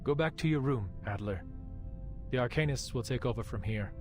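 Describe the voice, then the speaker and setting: Man putting on a cold young male game character, curt, clipped, hushed, a little higher than his own voice. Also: moderate pace, music in the background, lightly acted. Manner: clipped, dismissive.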